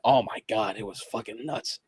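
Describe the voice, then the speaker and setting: A man's voice: fairly low pitch, normal speed, slightly rough, dry recording. Man laughing through casual podcast chat. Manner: laughs often, restarts sentences, trails off. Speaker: podcast co-host. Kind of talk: casual chat about video games.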